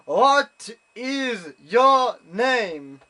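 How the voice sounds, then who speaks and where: A man voicing a stern male dungeon judge who shouts accusations at the crowd in a raised, harsh voice. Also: fairly high pitch, lively intonation, moderate pace, slightly rough. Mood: accusing. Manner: barking accusations.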